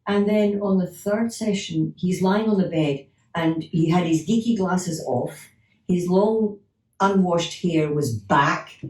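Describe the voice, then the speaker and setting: Middle-aged woman hypnotherapist, mellow lively storyteller, recorded in an echoey room a little off the mic. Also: on the low side, slow pace, distant mic. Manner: lively anecdotes with acted-out dialogue and laughter. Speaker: clinical hypnotherapist. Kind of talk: storytelling in an interview.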